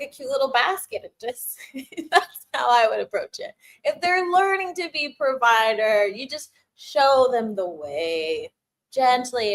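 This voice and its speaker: A young woman chatting casually on a live stream, her high voice bouncing all over the place. She giggles between phrases and teases her viewers playfully. It is loose, lively advice talk. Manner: playful and teasing with the chat.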